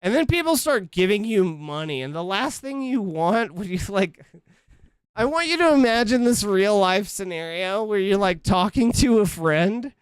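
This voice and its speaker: A man's voice: sits high, lively intonation, normal speed, smooth, dry recording. Rambling, foul-mouthed man streaming from home. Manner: rambling, profane, self-interrupting. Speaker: livestreamer. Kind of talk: casual stream chat.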